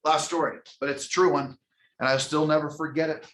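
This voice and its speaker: Male sales trainer, higher voice, energetic motivational delivery, echoey room sound. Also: fairly quick. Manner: energetic, preachy, calls out audience members by name. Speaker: real estate sales trainer. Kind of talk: motivational training talk to an audience.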